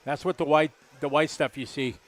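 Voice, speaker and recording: A man's voice: a little high, steady tone, brisk, a faint crowd. A middle-aged man doing live race commentary, chatty and rambling, joking with viewers.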